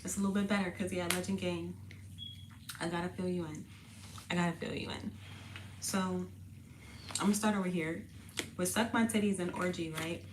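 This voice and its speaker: A woman hosting a casual tarot reading video, chatty and slangy, laughing often and sounding a bit parched and husky. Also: lowish voice, steady tone, normal speed, long pauses, noisy background. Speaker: tarot reader and channel host. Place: indoors, sitting on the floor.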